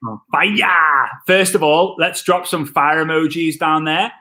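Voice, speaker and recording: A man, an energetic and jokey network marketing trainer chatting on a live stream. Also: fairly high pitch, unhurried. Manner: excitable, jokey, wordplay.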